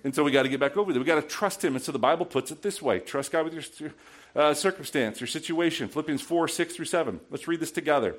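Man preaching with sudden shouts. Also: on the high side, fast talker. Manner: dynamic preaching, asks the congregation questions, sudden loud shouts. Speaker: pastor. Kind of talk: sermon. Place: church sanctuary.

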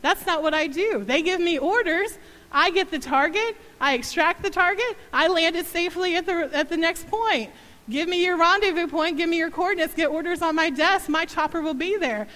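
A woman's voice: very high voice, moderate pace, sharp tone, big-room sound, pitched above the performer's own voice. A woman voicing a commanding male rescue helicopter pilot who speaks in clipped military orders.

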